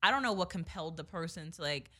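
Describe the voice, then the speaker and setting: A woman's voice: fairly low pitch, lively intonation, fast, pushed and bright. A young woman hosting a podcast, chatting candidly and swearing freely while she tells stories. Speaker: podcast host. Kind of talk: casual podcast chat.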